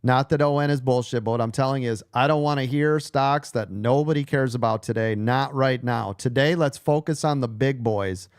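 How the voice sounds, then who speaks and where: A man's voice: medium pitch, moderate pace, hardly any pauses, smooth, no room sound, clean studio sound. A man losing his voice, coaching a live trading room, blunt and profane, repeating key points.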